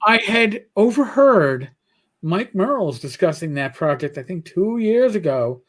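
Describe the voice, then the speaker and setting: A man's voice: sits high, big pitch swings, measured pace, a bit bright. A man with a New York accent hosting a casual livestream chat, rambling and repeating words as he talks. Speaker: podcast host.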